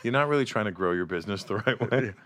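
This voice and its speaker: A man's voice: fairly low pitch, expressive, fast talker, a bit bright. A male comedian telling road stories in a casual podcast chat, swearing and acting out the people in them. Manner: swearing storyteller, acts out voices.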